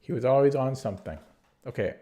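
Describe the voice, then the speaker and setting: A man speaks fast in a medium-pitched, mellow voice that's nasal from allergy congestion. Thinking aloud during an online chess match, he hesitantly mutters his moves to himself.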